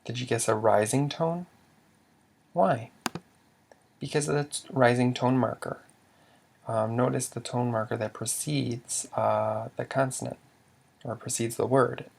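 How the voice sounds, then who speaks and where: A man's voice: medium pitch, a little slow, vocal fry, pauses often, a little hiss or hum. A man teaching a language lesson, patiently quizzing the listener and sounding out example words. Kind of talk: slow instructional explanation.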